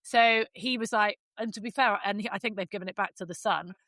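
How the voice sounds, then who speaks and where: A woman's voice: mid-range voice, brisk, sharp tone, no echo. A woman hosting a casual podcast, telling a story with energy, acting out quoted lines and swearing freely.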